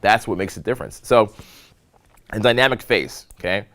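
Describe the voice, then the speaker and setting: A man with a fairly low voice leads a live seminar on social skills. He teaches in an animated, demonstrative way, acting out examples and checking in with the room with quick "okay?" and "right?" prompts. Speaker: dating and social skills coach.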